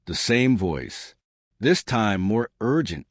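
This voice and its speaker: A man's voice: fairly low pitch, big pitch swings, takes it slowly, no room sound, clean studio sound. A man reading scripted true crime documentary narration in a dramatic, suspenseful storytelling manner.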